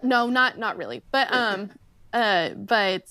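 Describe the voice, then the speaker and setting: A woman's voice: mid-range voice, expressive, slow pace, pushed and bright, no room sound, studio quality. Hesitant woman in casual chat. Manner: hesitant, many fillers and restarts. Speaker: tabletop role-play player.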